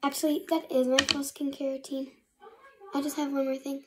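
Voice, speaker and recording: Young girl vlogging her skincare, high voice, rambly half-whispers, noisy background. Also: monotone, moderate pace, a bit bright. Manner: chatty, rambling, often half-whispering to herself. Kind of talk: casual get-ready-with-me vlog.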